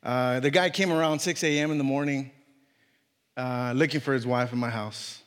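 A man in his thirties preaching a sermon as a guest speaker, telling a personal story earnestly, with many halting restarts. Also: mid-range voice, steady tone, fairly bright tone, big-room sound.

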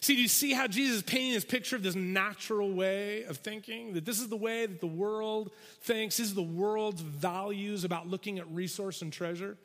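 A man preaching a sermon, telling a parable with animated storytelling and acting out the characters' voices. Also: high-pitched, normal speed, hardly any pauses. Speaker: pastor. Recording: long reverb of a large hall.

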